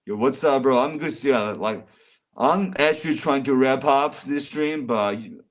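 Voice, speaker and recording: A man's voice: medium pitch, unhurried. Rambling man chatting on a livestream. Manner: rambling, loose, calls viewers bro. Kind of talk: casual livestream chat.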